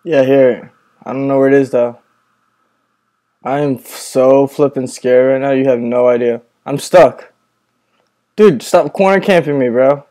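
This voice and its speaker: A man's voice: mid-range voice, unhurried, long pauses, warm tone. A man playing a horror game at night with a friend, commenting nervously and swearing into a headset at home. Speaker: gamer reacting to a horror game. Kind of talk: casual gaming commentary. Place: room at home with the lights on, at night.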